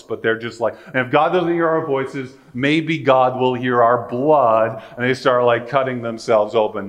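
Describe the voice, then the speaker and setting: A man preaching a sermon in a casual, conversational way with joking asides. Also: medium pitch.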